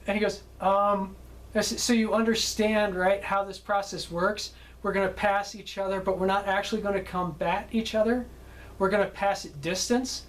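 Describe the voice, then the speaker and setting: A man's voice: sits high, moderate pace, poor audio. Chatty man telling film-set stories. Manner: chatty, keeps adding "okay?", laughs at his own stories. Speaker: film director. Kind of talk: anecdotal storytelling.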